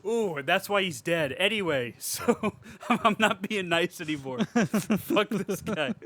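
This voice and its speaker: A man's voice: sits high, expressive, measured pace, a bit bright. A man hosting a casual podcast chat, profane and ranting, often laughing as he reads out and mocks reviews. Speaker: podcast host.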